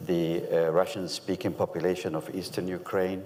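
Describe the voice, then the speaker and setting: A man with a very deep voice chairing a panel discussion, polite and gracious with frequent hesitant fillers. His voice rings with a long reverb, as in a large hall. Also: little pitch movement, moderate pace, a little mellow. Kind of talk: moderating a panel.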